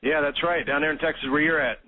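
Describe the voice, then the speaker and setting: A male caller talks fast, in an agitated, conspiratorial way. His voice is a little high and sits in a dry, tinny phone line. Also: fairly even intonation, no room sound.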